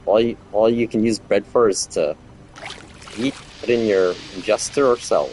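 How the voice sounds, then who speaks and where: Laid-back male streamer, low-pitched, rambling chat to his viewers. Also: normal speed, a little hiss or hum. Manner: relaxed, rambling, chats with viewers while playing. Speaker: game streamer. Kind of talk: casual gameplay commentary.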